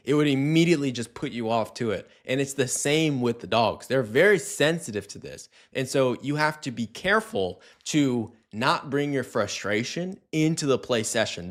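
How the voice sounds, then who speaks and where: A young man teaches dog owners how to play with their dogs, his voice sitting at an ordinary middle pitch. He talks casually, with loose fillers, and repeats his key points for emphasis. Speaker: dog trainer. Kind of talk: instructional talk to camera.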